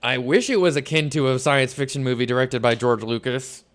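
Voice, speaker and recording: A streamer from New Jersey gives chatty, sarcastic commentary while playing a game. His voice is mid-range and brisk, and the talk is casual gameplay banter.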